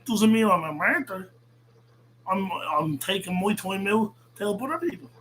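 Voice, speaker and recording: A man's voice: high voice, animated, moderate pace, fairly bright tone, slight background noise, rough recording. A man hosting a show, delivering a blunt, profane and rambling rant with frequent restarts. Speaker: host. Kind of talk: ranting monologue.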